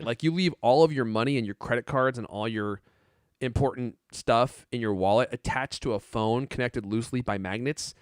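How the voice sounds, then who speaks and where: A man's voice: medium pitch, no echo, clean studio sound. A man co-hosting a tech podcast in casual chat, joking and rambling, laughing often. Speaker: podcast co-host.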